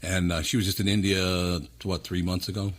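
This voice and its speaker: A man's voice: low-pitched, flat delivery, normal speed. A man hosting a podcast in casual chat, swearing freely and teasing his guest. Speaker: podcast host.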